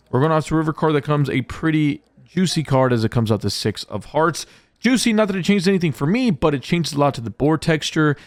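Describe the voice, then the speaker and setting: With a medium-pitched voice and no echo in the recording, a man narrates his poker hands for his vlog. The voice-over recap is cheerful and playful, walking through the action play by play.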